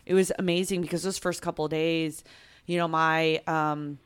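A woman's voice: low-pitched, fairly even intonation, normal speed, clean tone. A woman, a podcast guest, earnestly explaining events with hesitant 'like' fillers. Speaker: guest, officer's wife. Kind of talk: casual conversational recounting.

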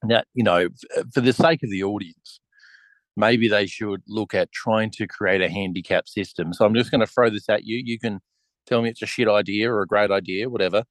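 A man's voice: lowish voice, fairly even intonation, brisk, no room sound, poor audio. A man hosting a casual podcast chat over a remote call, asking questions in a wry, mock-serious way. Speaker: podcast host.

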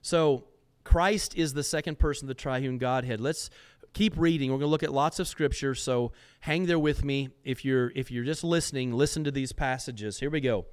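Emphatic man preaching, smooth voice. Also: mid-range voice. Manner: emphatic preacher, asks rhetorical questions and answers them; repeats words while searching, slows for stress. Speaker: podcast host teaching scripture. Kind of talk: sermon-style Bible teaching.

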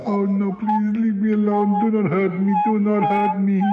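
A man's voice: mid-range voice, sing-song, slow, over loud music. A man voicing a timid, fretful male character who frets anxiously and keeps saying oh dear. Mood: frightened. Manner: anxious, dithering, lots of "oh dear". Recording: roomy, dull sound with loud noise.

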